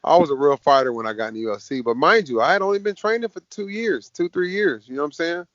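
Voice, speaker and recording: A man, a fighter being interviewed, telling stories in a casual, lively way. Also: a little high, fast talker, no echo. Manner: lively storyteller, acts out quoted voices. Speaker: MMA fighter guest. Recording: dull dry podcast audio.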